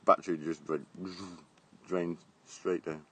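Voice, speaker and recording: A man's voice: very deep voice, level tone, slow pace, a bit bright, breathy edge. A middle-aged man from England chatting bluntly on a live stream from his garden, phone held at arm's length, laughing often and swearing. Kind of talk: casual live-stream chat. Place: outdoors in a garden.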